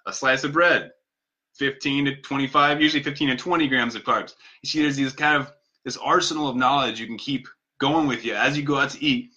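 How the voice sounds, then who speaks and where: A man's voice: medium pitch, pushed and bright. A man talking casually to viewers in an advice vlog, earnest and conversational, repeating his key points. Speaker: vlogger giving diabetes advice. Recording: dull lo-fi sound.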